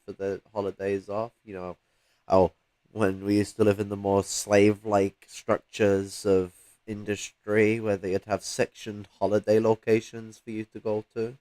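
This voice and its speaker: Low-voiced man, meandering chat. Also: level tone, a little slow, darkish tone, no room sound. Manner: meandering, filler-heavy, swears casually. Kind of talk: casual chat.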